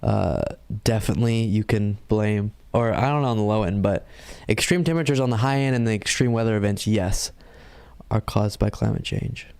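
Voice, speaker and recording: A man's voice: on the low side, normal speed, vocal fry, a little mellow, clear, resonant tone. A man hosting a live stream, casually explaining and rebutting what he just heard. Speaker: host reacting to a live stream. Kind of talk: live commentary.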